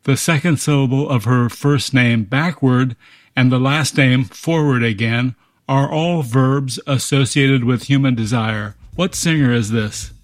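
Radio puzzle guy, steady, spells every word out, dry studio sound. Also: medium pitch, dry recording. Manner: measured, spells words out letter by letter. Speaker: puzzle master. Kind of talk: radio quiz hosting.

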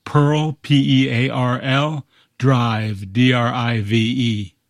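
A man acting as puzzle master on a radio show, reading clues in a measured way and spelling words letter by letter. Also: mid-range voice, level tone, no room sound, clean studio sound. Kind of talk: radio quiz hosting.

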